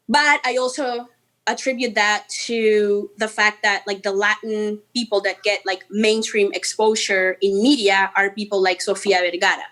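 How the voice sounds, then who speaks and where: A Colombian woman musician, a guest in a casual interview, talking in an animated, chatty way with playful, mocking asides. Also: medium pitch. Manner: animated and chatty, full of "like" and "you know".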